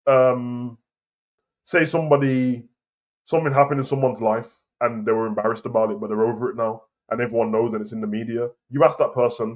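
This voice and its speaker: A man's voice: mid-range voice, fast talker. A man, hosting a casual wrestling opinion show and arguing his point heatedly and repetitively. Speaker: wrestling commentary host. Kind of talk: casual opinion rant to camera.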